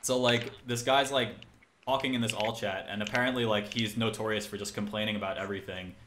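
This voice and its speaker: In a low, brisk voice with fairly even intonation, the man meanders through a casual story, filling gaps constantly and repeating others' words in an exasperated way. Faint noise and a roomy echo color the audio.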